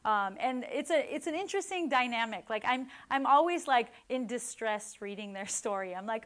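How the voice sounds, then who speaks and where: A woman's voice: a little high, normal speed, few pauses. Chatty woman teaching scripture. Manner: chatty, many "like" and "right?" tags; acts out quoted people with lively voices. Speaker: Bible teacher. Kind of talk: casual devotional teaching.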